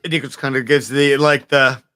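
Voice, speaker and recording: Bright-voiced playful male player. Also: medium pitch, level tone, normal speed. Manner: playful, joking. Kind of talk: casual tabletop role-play.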